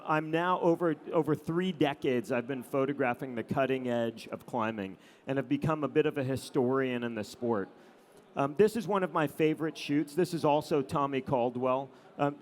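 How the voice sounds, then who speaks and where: A middle-aged man, a photographer, telling anecdotes to an audience in a relaxed storytelling manner with frequent "um" and "you know". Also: medium pitch. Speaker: adventure photographer giving a talk.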